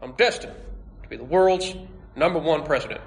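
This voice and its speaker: A man playing a young trainer as a calm, halting politician impression at a live comic script read. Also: a little high, vocal fry. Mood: grandiose. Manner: slow, halting speechmaker cadence.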